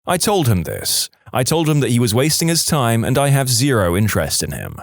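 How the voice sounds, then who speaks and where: In a brisk, mid-range voice, a man reads scripted listener stories, his delivery lively and full of rises and falls. The mic is close, the sound dry, with no echo from the room.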